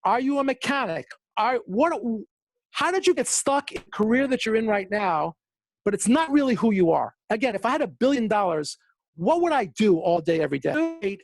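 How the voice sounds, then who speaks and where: Animated, emphatic motivational speaker man. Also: normal speed, vocal fry, dry recording. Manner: animated storytelling, acting out quotes with big pitch jumps; repeats words for emphasis. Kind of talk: motivational webinar talk.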